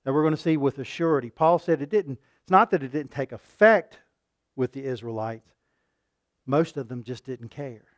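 A man preaching a sermon, rising to loud emphatic peaks and dropping to quiet asides, asking his listeners questions and repeating words for emphasis. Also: medium pitch, normal speed, no room sound.

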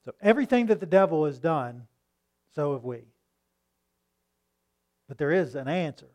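A man preaching a sermon in a conversational tone, asking rhetorical questions and reading scripture slowly. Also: a little high, sing-song, a little mellow.

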